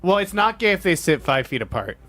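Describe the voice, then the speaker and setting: A man's voice: high voice, big pitch swings, fairly quick, a bit bright, faint music behind. A man playing a wisecracking fish emperor. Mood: joking. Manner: joking, wisecracking. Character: male fish emperor, trivia master, goofy. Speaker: show host. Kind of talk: comedy podcast banter.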